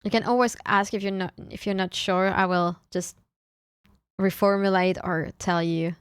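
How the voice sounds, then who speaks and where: A woman's voice: mid-range voice, steady tone, normal speed, clear, resonant tone, dry recording, clean studio sound. A young woman, streaming in casual chat, playfully teasing her viewers and often restarting her sentences. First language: French. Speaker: VTuber streamer.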